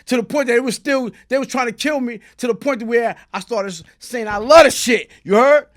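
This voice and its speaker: This is a man from Brooklyn with a New York accent, guesting on an interview show. He tells his story in a high, lively voice, playing out each person he quotes and keeping the listener hooked with "you heard?". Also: fairly quick. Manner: animated street storytelling, acts out voices, frequent "you heard?".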